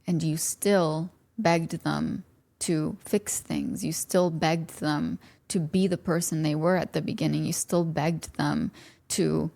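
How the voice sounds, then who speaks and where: Gentle low-pitched woman with vocal fry. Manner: earnest, speaks directly to the listener. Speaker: podcast host. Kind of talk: reflective podcast monologue.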